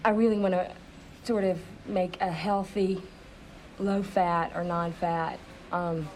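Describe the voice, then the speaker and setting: An actress playing a naive young woman who works at an ice cream shop, talking in a hesitant, halting way full of ums in a mockumentary interview. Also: lowish voice, steady tone, a little mellow, a little hiss or hum, rough recording.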